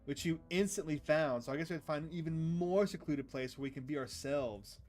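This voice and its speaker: A man's voice: fairly high pitch, fairly quick, darkish tone, faint music behind, natural voice. A man reading a snarky teenage girl. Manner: snarky, eye-rolling.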